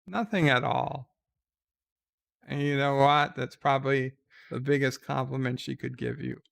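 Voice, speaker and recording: A man giving live reaction commentary, retelling a TV episode in a slow, relaxed way with fillers. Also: medium pitch, creaky, dry recording.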